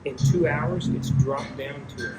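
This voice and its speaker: A man of middle pitch chatting easygoing on a travel vlog, often chiming in with agreement. Clear background noise sits behind him. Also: fairly even intonation, a little slow. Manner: easygoing, conversational, chimes in with agreement. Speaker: travel vlogger. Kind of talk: casual vlog chat.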